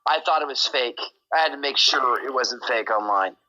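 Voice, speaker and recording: Excitable bright-voiced male streamer. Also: mid-range voice, normal speed, muffled recording. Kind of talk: casual chat on a group stream.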